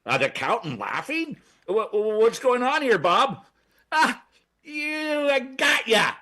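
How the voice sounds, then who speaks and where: This recurring comedy-segment guest speaks slowly in a very high-pitched, sharp voice with big pitch swings. Chatting excitably in the radio studio, he rambles frantically with endless stammers and restarts.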